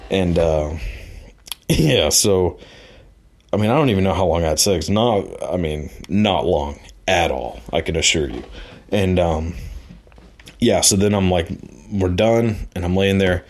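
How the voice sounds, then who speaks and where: Deep-voiced man rambling through a story. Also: expressive, measured pace, pauses often. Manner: rambling, filler-heavy, laughs at himself. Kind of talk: casual personal anecdote.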